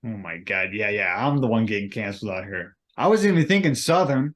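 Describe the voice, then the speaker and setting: A man's voice: on the low side, animated, a little fast. A man co-hosting a podcast in casual chat, rambling and hesitant, filling gaps with "like". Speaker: podcast co-host.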